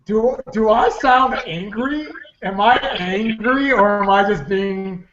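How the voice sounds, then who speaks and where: A man co-hosting a podcast in casual chat, blunt and animated, swearing and acting out quotes. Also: high voice, slow pace. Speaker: podcast co-host. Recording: echoey lo-fi room, background noise.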